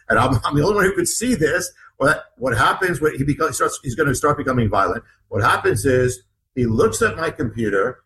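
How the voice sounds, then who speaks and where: This male author guest tells the story of an ordeal in an animated interview, vividly acting out other people's words and frequently starting over and repeating phrases. He speaks in a mid-range, slightly bright voice over a little hiss or hum, and the recording quality is poor.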